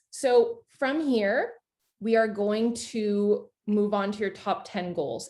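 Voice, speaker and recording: Woman coach, mid-pitch, chatty and animated, many fillers, running a casual online workshop. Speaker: coach leading a live workshop.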